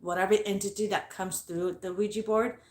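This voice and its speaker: A woman's voice: mid-range voice, steady tone, fairly quick, roomy sound. A woman telling a ghost story from her bedroom at home in a casual, blunt way, swearing constantly. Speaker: paranormal investigator vlogger.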